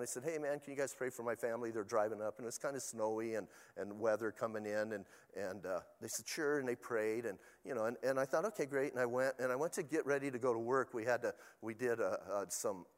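A man's voice: mid-range voice, in a large hall. An older man, a pastor, preaching a sermon in a chatty, storytelling way with asides to the congregation.

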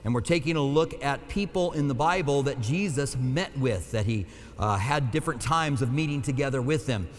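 A man's voice: medium pitch, moderate pace. A man preaching a sermon as pastor, conversational and loose, with fillers and self-corrections. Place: church sanctuary. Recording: long hall reverb.

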